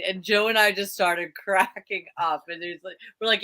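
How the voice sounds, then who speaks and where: A woman's voice: mid-range voice, fairly even intonation, moderate pace, few pauses, pushed and bright. A middle-aged woman co-hosting a casual live chat, telling stories animatedly with frequent laughs. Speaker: co-host.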